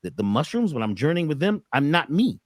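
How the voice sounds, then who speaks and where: A man's voice: on the high side, big pitch swings, brisk, no echo, studio quality. A man talking as a podcast guest, telling stories with rhetorical questions and slipping into acted voices. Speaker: podcast guest, mushroom teacher. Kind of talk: animated storytelling conversation.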